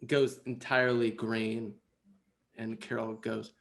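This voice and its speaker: A man narrating a tabletop game as game master, halting and relaxed, with frequent fillers. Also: on the low side, vocal fry.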